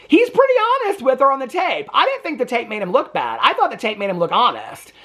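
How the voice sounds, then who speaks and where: A man delivers heated commentary on a documentary, his pitch swinging widely as he pushes each point. He talks in an indignant, emphatic way and keeps stressing his lines with a pointed "okay?". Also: huge pitch swings, fast, hardly any pauses, a bit bright. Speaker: TV reaction host. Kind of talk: opinionated commentary.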